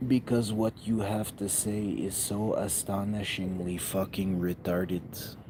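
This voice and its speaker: Slow, low-voiced man rambling bitterly. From Canada. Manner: hesitant, bitter, addressing an absent person. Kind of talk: rambling monologue. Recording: noisy ambient background.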